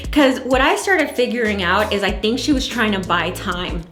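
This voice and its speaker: A woman candle maker telling a story in a casual, animated, exasperated way, acting out the dialogue. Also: on the high side, moderate pace, hardly any pauses. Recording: echoey room, faint music.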